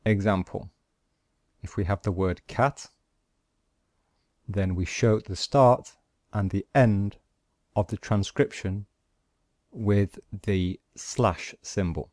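Slow, deliberate male language teacher. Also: fairly low pitch, a little mellow, no echo. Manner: slow, deliberate, explaining step by step. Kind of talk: screen-recorded pronunciation lesson.

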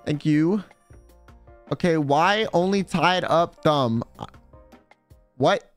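A man's voice: on the high side, animated, takes it slowly, long pauses, clear, resonant tone. A young man streaming, telling a rambling, slangy story in casual chat. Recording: faint music behind.

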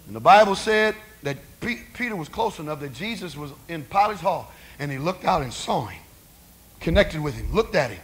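Man, preacher, sermon, high-pitched, conversational, rhetorical questions. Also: animated, moderate pace, fairly bright tone.

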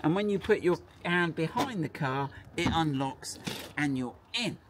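A man's voice: a little high, animated, unhurried, heavy background noise. A man running a car business, explaining in a chatty, rambling, playful way. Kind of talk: casual explainer video.

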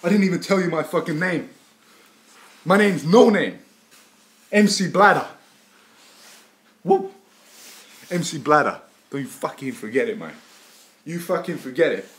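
A man playing a brash, boastful young London wannabe rapper in an improvised comedy rant, swaggering and crude, with a put-on London accent and sudden shouts. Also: on the high side, expressive, a little slow, long pauses. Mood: aggressive.

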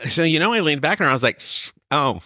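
A man from California, older, telling his recovery story in a lively, storytelling way, acting out what others said. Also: fairly high pitch, rapid-fire, dry recording, studio quality. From Sacramento, California. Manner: storytelling, animated, quoting others. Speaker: recovery speaker.

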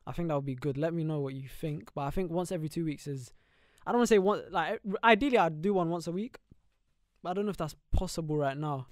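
Young male podcast co-host, slightly high voice, joking and rambling, dry close sound. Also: dry recording. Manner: quick, joking, rambling banter. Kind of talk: casual chat.

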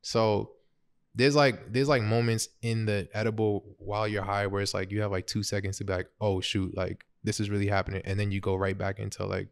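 A man's voice: on the low side, brisk, gravelly, smooth. A young man, casually telling a funny personal story as a podcast host, laughing through it. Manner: laughs through his story, animated, quotes himself.

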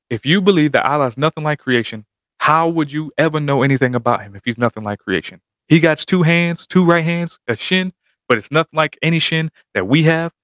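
A man talks over a debate clip in loose, slangy reaction commentary, hyping himself up and ribbing the other side. His voice sits at an ordinary pitch. The sound is dry and close, with no room around it. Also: no echo. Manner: animated trash-talking slang. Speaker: reaction video host.

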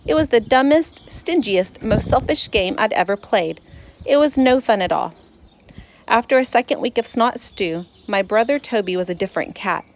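A woman narrating a children's storybook in first person, expressive and lively. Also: on the high side, normal speed.

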